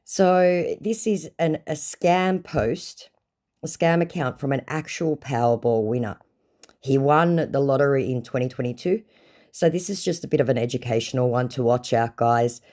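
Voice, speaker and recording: A woman's voice: a bass voice, moderate pace, mellow. A woman telling a story about a scam chat in a casual, sarcastic and mocking way. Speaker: scam-baiting content creator.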